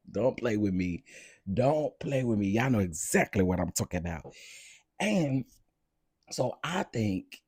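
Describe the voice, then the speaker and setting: A man with a lowish, husky voice that swings widely up and down as he dishes sassy reality TV gossip to his live-stream viewers. His tone is warm and mellow, close to the mic, and the sound is dry. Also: no echo. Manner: sassy, expressive, talks straight to viewers.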